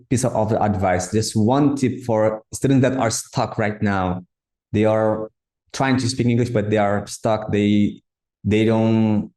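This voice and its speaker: Brief: male host, low warm voice, halting questions, roomy sound. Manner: halting, repeats words while forming questions. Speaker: podcast host. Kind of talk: casual interview. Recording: echoey room.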